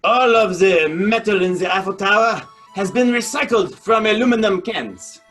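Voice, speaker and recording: A man's voice: sits high, normal speed, fairly bright tone, soft background music. A man playing an improv comedy scene over a video call, mock-formal and playful. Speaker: improv player.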